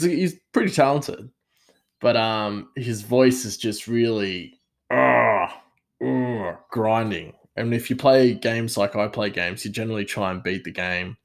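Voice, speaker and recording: A young man talks casually about video games in a somewhat low voice. He rambles and drifts off topic, pokes fun at himself, and keeps the tone easy and conversational. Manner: rambling, digressive, self-deprecating. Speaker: gaming vlogger. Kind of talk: casual chat.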